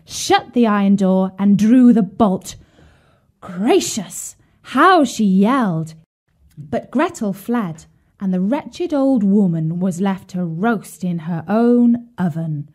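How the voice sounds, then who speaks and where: A woman narrating a children's fairy tale in an expressive storytelling voice. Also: mid-range voice.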